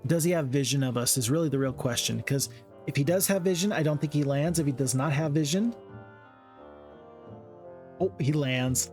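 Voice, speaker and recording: A man commentating his own strategy-game playthrough late at night, chatty and jokey with sudden excited outbursts. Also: fairly high pitch, normal speed, soft background music. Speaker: gaming commentator. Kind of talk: casual let's-play commentary.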